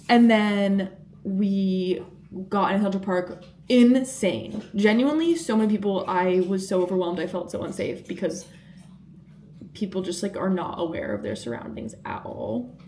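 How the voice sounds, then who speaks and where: A woman talks straight to her viewers in a relaxed vlog, upbeat and chatty. She rambles through her story with plenty of fillers, her pitch sitting in an ordinary middle range with faint noise underneath. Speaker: vlogger training for triathlon. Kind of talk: casual vlog chat to camera.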